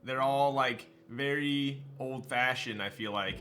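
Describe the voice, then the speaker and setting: A man's voice: medium pitch, slow pace, pushed and bright. Laid-back, slangy young man streaming. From Southern California. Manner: laid-back, slangy, with frequent fillers and laughs. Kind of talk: casual live-stream chat. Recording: light music behind.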